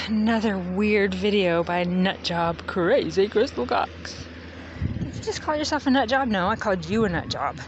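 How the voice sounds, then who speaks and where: A woman's voice: mid-range voice, lively intonation, measured pace. Rambling woman vlogging on a noisy beach. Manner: joking, bickers with herself in different voices. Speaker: reverend vlogger. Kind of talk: rambling self-talk vlog. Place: outdoors on a beach.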